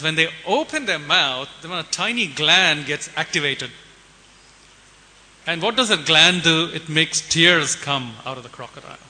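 Bright-voiced male preacher in a hall. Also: on the high side. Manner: conversational, rhetorical questions to the audience. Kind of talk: sermon with storytelling. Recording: hiss and long hall reverb.

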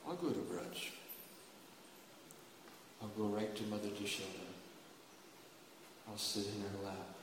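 A soft, calm young woman offering tender reassurance, as a man voices her in a quiet low tone. The voice drifts through an echoey hall, picked up from far off. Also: slow, long pauses, background noise. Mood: reassuring.

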